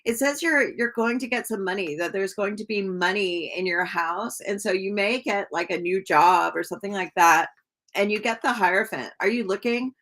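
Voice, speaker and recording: A woman's voice: medium pitch, normal speed, fairly bright tone. A woman doing a live tarot reading, talking casually and rambling with many fillers, chatting to viewers as she reads. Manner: greets viewers by name while reading. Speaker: tarot reader.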